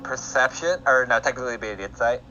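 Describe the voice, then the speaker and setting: A man's voice: medium pitch, quick pace, pushed and bright, dull audio. A man narrating a tabletop game as the game master, describing scenes and laughing often. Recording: background music under voice. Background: music.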